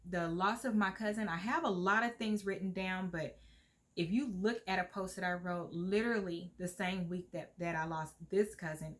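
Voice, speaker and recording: A middle-aged woman vlogging to camera in a heartfelt, earnest way, at times close to tears. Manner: heartfelt, earnest, lively pitch swings. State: emotional, near tears at times. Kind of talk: casual talk to camera.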